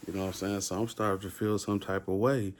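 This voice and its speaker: A man's voice: sits low, flat delivery, quick pace. A man casually telling a rambling story full of slang and fillers. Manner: laid-back, rambling, heavy with fillers and slang; acts out the other inmates' shouting.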